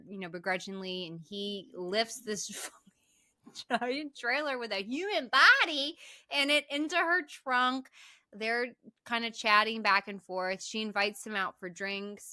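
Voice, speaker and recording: A woman's voice: medium pitch, a little slow, smooth, no room sound, studio quality. A woman co-hosting a podcast, chatting casually as she recaps a horror film, laughing often and acting out the characters' lines. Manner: animated, laughs often, acts out quotes. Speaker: podcast co-host.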